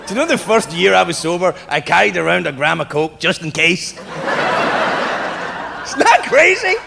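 A man's voice: on the high side, quick pace, gravelly. A man doing stand-up comedy, telling a story with laughing asides and swearing, on a stage before a live audience. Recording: live club with crowd noise.

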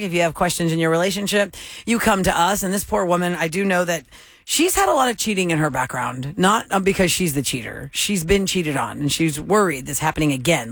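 A man hosting a morning radio show, chatting and telling stories in a lively way. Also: a little high, no echo. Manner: chatty, animated storytelling. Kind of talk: casual radio banter.

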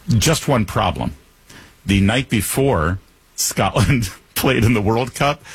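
Wry, husky-voiced male talk host. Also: lowish voice, no echo. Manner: wry and teasing, punning. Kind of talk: joking monologue.

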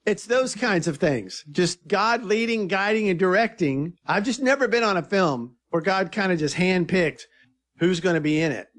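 A man with a notably high speaking voice tells stories in a relaxed interview. He is eager and animated, and he often slips into quoting what other people said. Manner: animated, eager storyteller who quotes others. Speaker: filmmaker guest. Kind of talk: casual interview storytelling.

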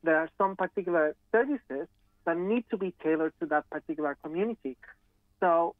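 A man from Australia speaking on a radio panel, halting and repeating words as he thinks. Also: a little high, no echo. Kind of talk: casual discussion. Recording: tinny phone line.

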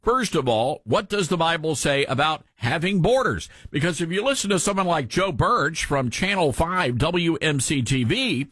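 Animated husky male commentator. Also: on the high side, moderate pace, few pauses, no echo. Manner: animated, indignant, preacherly. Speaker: commentary show host. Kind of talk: opinion commentary.

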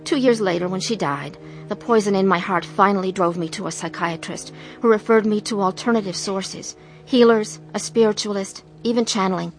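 A woman's voice: medium pitch, normal speed, faint music behind, natural voice. Actress voicing a middle-aged woman narrating a dramatized testimony, earnest. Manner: earnest, confessional. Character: troubled middle-aged wife telling her story, woman. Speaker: narrator and main character.

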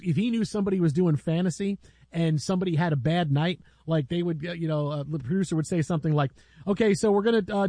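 Animated man telling sports stories. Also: on the high side, dry recording. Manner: rambling, many restarts, lively storytelling. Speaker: sports show host. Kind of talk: casual sports talk.

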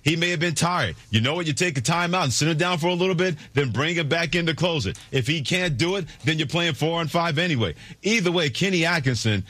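A man's voice: fairly high pitch, lively intonation, fast talker, few pauses, fairly bright tone, no room sound. A man hosting sports talk radio, delivering a sarcastic, theatrical monologue with mock-preaching flourishes.

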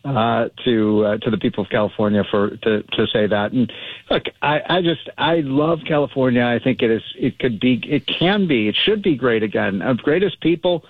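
A man calling in as a guest on a talk radio show, speaking emphatically with halting restarts. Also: mid-range voice, no echo. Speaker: guest commentator on a phone line. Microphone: phone. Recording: tinny phone line.

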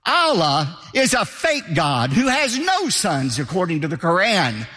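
A man's voice: high voice, wildly swooping pitch, unhurried, bright, forceful tone, big-room sound. A man preaching a sermon as pastor, emphatic and driving his points home by repeating key phrases.

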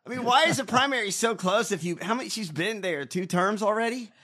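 A man's voice: high voice, brisk. A man co-hosting a podcast, mocking and profane in casual political banter. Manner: profane, mocking, animated ranting. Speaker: podcast co-host.

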